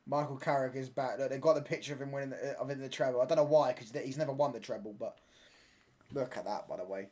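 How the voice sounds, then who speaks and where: A young man, talking casually as he streams a football match. He ribs rival fans with cheeky banter, laughs often and caps his lines with mate and pal. His voice sits at an ordinary middle pitch for a man. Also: fast, darkish tone. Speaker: football watch-along streamer. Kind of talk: live casual chat over a match.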